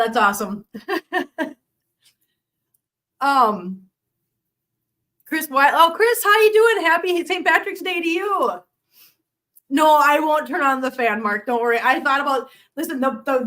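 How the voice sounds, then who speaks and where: A woman hosting a casual live stream, chatty and quick to laugh, often talking to her cats. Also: high voice, a bit bright, distant mic.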